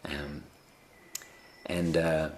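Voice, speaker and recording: A man giving a gentle, unhurried spiritual talk on a live video call, often pausing with fillers and restarting his sentences. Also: very deep voice, level tone, slight background noise. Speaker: spiritual teacher.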